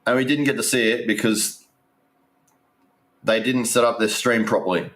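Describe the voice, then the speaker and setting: A man's voice: mid-range voice, steady tone, moderate pace, a bit bright. A man giving casual, rambling live stream commentary, restarting sentences and talking straight to his viewers.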